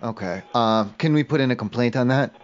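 A man's voice: mid-range voice, fairly quick. A man making a prank phone call, whiny, emotional and easily offended. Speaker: prank caller.

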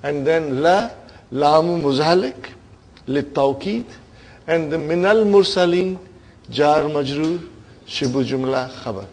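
A man's voice: on the high side, lively intonation, unhurried, darkish tone. Man teaching grammar, emphatic. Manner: checks in with listeners often, emphatic. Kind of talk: classroom lecture.

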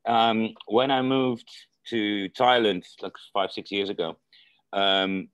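A man with a Dutch accent on a video call, talking haltingly with many restarts and reading aloud slowly. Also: on the low side, a bit bright, clear, resonant tone, no echo, muffled recording. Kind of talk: casual group video-call chat.

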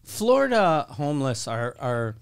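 A man co-hosting a casual comedy podcast, telling relaxed, profane anecdotes and mimicking the people in them. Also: medium pitch, measured pace, smooth. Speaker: podcast co-host.

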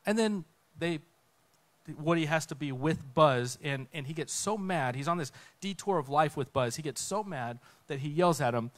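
A guest speaker delivers a conversational sermon from a church stage, telling a story and acting out quotes with lively energy. His voice sits on the high side and moves at a normal speed.

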